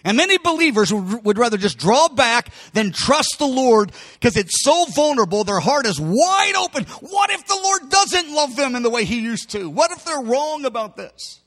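A man preaching a sermon, telling the story dramatically and at times rising to a shout. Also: very high voice, sing-song, normal speed, few pauses, long reverb tail. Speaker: pastor.

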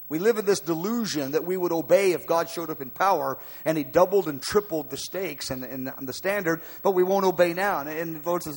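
A male preacher delivering a sermon with a high voice. He is emphatic and swings between loud bursts and quiet asides. His voice rings with long reverb as if it fills a big church hall. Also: brisk, few pauses.

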